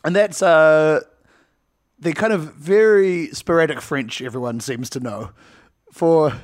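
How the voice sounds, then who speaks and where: A man's voice: a little high, slow pace. A man co-hosting a casual podcast, laughing often and acting out quotes. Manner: laughing, animated, acts out quotes. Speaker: podcast co-host. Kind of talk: casual chat.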